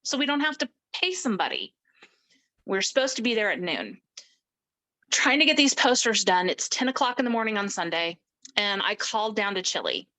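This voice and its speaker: A middle-aged woman telling her personal story as an interview guest, animated and acting out the voices of people she quotes. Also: mid-range voice, moderate pace, low-quality recording. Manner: animated, acts out quoted speech.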